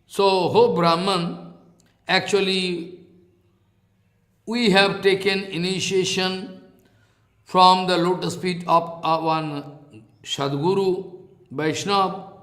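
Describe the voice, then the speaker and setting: A man with an Indian accent giving a spiritual discourse, halting and repeating his phrases, now and then chanting verses. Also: high-pitched, fairly even intonation, a bit bright, reverberant. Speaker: scripture teacher. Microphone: online talk.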